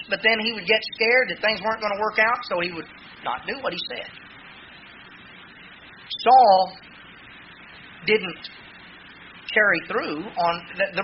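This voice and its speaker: High-voiced man preaching a sermon. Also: dull audio, slight background noise. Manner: retells scripture in casual paraphrase, with fillers.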